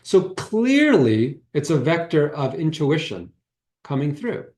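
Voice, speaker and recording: A man's voice: a little high, very animated, takes it slowly, a little mellow. A man giving a spiritual talk as a holistic healer, telling personal stories in a casual, conversational way. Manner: conversational storyteller who acts out quoted dialogue. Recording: roomy echo.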